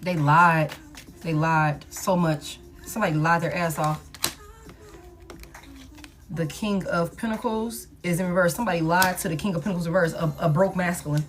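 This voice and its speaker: A woman's voice: fairly low pitch, steady tone, moderate pace, soft background music. A woman giving a casual tarot reading, speaking in a slangy, emphatic and repetitive way, with frequent swearing. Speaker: tarot reader.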